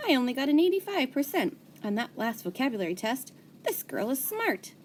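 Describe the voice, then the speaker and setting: A woman reading a children's chapter book aloud, with lively, expressive storytelling. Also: sits high, brisk, a little hiss or hum. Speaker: audiobook reader.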